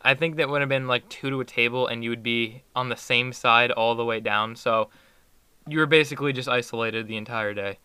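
A man's voice: mid-range voice, fairly even intonation, a little fast, pushed and bright, clean tone, dry recording. A teenage boy chatting casually in an interview, rambling with many fillers and restarts. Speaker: student athlete guest.

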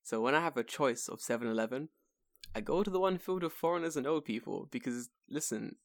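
A man's voice: medium pitch, fast talker, gravelly. A young man in casual chat, telling stories with lots of swearing and acting out other people's voices. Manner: animated, profane, acts out voices.

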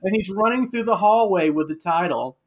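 A young man co-hosting a casual wrestling recap podcast, animated and quick to laugh. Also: high voice. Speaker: podcast co-host.

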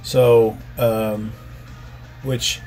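A man in his fifties hosting a casual live Bible study podcast, talking in a relaxed, rambling way with lots of ums, recorded on a phone. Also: medium pitch, drawn-out words, faint music behind. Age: 50s. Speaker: podcast host, ministry leader.

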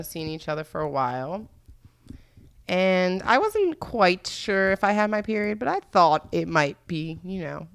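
A woman's voice: on the low side, fairly bright tone, clean tone, no echo, clean studio sound. A young woman vlogging alone, telling a candid, crude story full of swearing and laughter.

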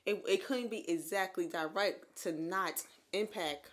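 A woman in her thirties co-hosting a podcast, telling her own story in casual chat, animated and laughing often. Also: lowish voice, a little slow. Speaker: podcast co-host.

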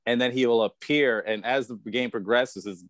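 A man co-hosting a podcast in casual chat, explaining things at length and breaking into excited laughter. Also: moderate pace, no echo. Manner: laughing, bursts into high excited yelps. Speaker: podcast co-host.

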